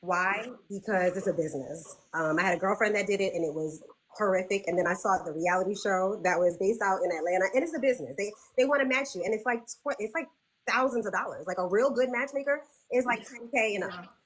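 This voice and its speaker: A woman's voice: medium pitch, quick pace. Forty-one-year-old woman telling a dating story. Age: 40s. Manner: earnest, emotional. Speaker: caller on a dating advice show.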